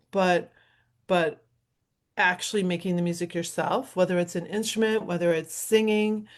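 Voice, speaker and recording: A middle-aged woman hosting her show, talking in a casual, rambling solo monologue with frequent laughs. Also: mid-range voice. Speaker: host and professional violinist.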